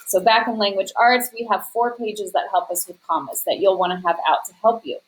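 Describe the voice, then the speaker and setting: A woman teacher talking her students through a worksheet, patient and methodical. She explains each step plainly and speaks right to the class in a friendly, direct way. Her pitch sits in an ordinary middle range. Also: a little fast, low-quality recording. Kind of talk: recorded class lesson.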